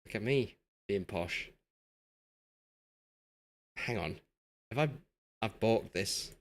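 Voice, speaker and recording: A young man with a Yorkshire accent speaks slowly in a lowish, animated voice. He's streaming a football management game and chatting casually with viewers, talkative and self-deprecating.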